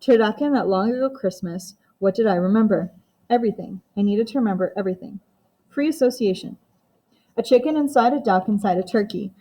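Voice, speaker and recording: Woman, audiobook narrator, first-person narration, steady, even, medium pitch. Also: brisk.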